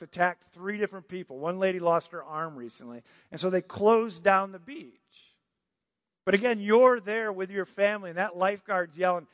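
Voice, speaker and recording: A high-pitched man preaches in a conversational way, tossing questions out to the congregation. His voice carries a long reverb from a large hall, though the close sound itself stays dry. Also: a bit bright. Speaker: pastor. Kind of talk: sermon.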